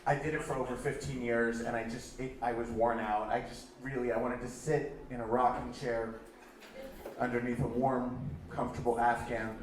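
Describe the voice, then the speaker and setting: A man's voice: mid-range voice, level tone, normal speed, a little hiss or hum. A man doing a chatty, self-deprecating stand-up comedy set on stage in a comedy club. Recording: echoey club from far off with crowd.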